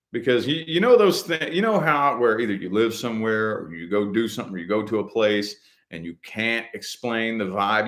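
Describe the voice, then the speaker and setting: A man in relaxed, rambling casual chat with viewers, full of "you know" fillers and the odd curse word. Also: on the low side. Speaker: host answering viewer comments.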